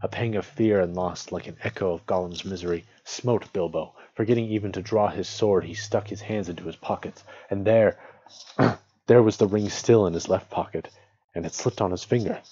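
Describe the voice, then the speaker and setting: A man reading a storybook aloud on his stream, voice strained and hoarse, with small slips and self-corrections. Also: sits low, moderate pace, mellow, lo-fi sound.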